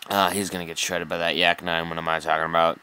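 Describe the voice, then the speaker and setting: A man's voice: low-pitched, little pitch movement, fast talker, pushed and bright, smooth. A young man giving casual, frustrated commentary over a flight combat game, muttering and swearing at enemies. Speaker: gameplay commentator. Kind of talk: live gameplay commentary.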